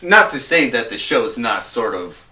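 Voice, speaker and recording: Young male co-host, mid pitch, bright tone, laid-back and profane; distant mic, faint background noise. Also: sing-song, unhurried, roomy sound. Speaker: podcast co-host. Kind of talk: casual chat.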